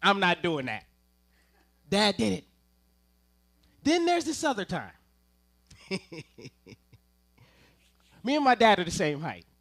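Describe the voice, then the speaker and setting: A man preaching to a congregation in a high, bright voice. He spins humorous family stories and turns often to his listeners with playful asides. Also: very animated, takes it slowly, creaky, long pauses. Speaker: ministerial intern preaching. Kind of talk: sermon with personal storytelling. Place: church service before a congregation.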